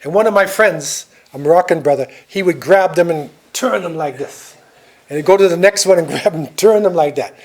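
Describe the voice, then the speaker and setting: An older man lecturing to a class in a loose, storytelling way. His voice sits a little high for a man, and he keeps checking in with his listeners as he talks. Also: a little fast.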